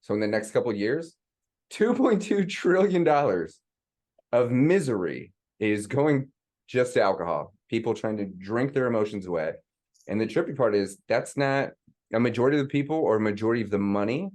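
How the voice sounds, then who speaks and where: A man's voice: on the low side, normal speed. A man in his thirties hosting a podcast, eagerly agreeing and talking with enthusiasm. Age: 30s. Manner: enthusiastic, eager affirmations, animated delivery. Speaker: podcast host. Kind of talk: casual interview chat.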